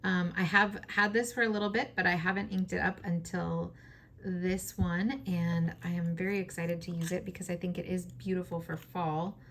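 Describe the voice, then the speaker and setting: A woman with a scratchy, hoarse voice chatting in a relaxed, enthusiastic way, with plenty of fillers. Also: on the low side, moderate pace. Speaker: fountain pen vlogger. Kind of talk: casual show-and-tell.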